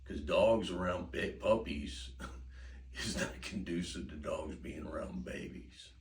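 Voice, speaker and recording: A man's voice: deep voice, slow pace. A man giving casual, folksy, rambling dog-training advice, chuckling often. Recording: roomy, distant mic, faint ambience.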